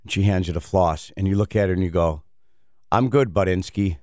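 Rambling Midwestern radio host, low voice. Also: male voice, fairly even intonation, fast talker, a little mellow, no echo, studio quality. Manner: rambling storyteller acting out little scenes. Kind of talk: casual talk radio banter.

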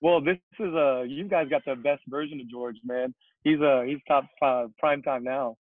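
A young man talks loosely on a podcast, rambling with plenty of fillers. His voice is of middling pitch and comes through a tinny, phone-like remote line. The sound is dry, with no room around it. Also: steady tone, moderate pace, no echo. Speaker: podcast guest, CrossFit coach. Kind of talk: casual podcast chat.

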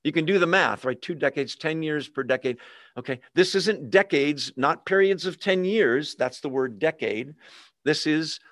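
A man's voice: on the high side, expressive, normal speed, fairly bright tone, dry recording, clean studio sound. A pastor preaching a conversational sermon to a live and online congregation, often asking his listeners questions.

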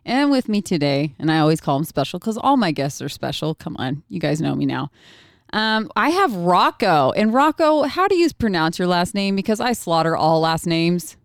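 Female podcast host, chatty and rambling, smooth lower voice, dry close mic. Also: sing-song, normal speed, dry recording. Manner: chatty, rambling, laughs often. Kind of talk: casual podcast chat.

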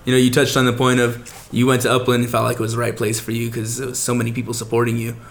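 Quick, gravelly male interviewer. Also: medium pitch, completely flat delivery. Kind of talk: podcast interview.

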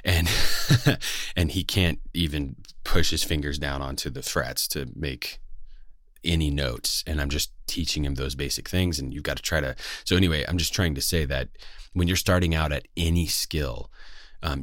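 A man's voice: extremely low pitch, moderate pace, fairly bright tone, dry recording, clean studio sound. A man who is a voice actor, with a West Coast American accent, talking earnestly to camera with many fillers and restarts. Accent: General American, West Coast. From West Coast of the United States. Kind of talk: casual talk to camera.

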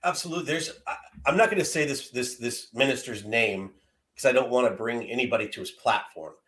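A man's voice: mid-range voice, fairly quick, a bit bright, a little hiss or hum. A man in his fifties telling a heartfelt personal story as a guest, earnest and often repeating words as he gathers his thoughts. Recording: roomy echo.

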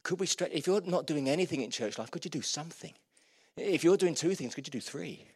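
Male pastor, middle-aged, lively sermon delivery, slightly high voice, dry close sound. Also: a little fast, breathy edge, dry recording. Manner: animated preaching, acts out little dialogues.

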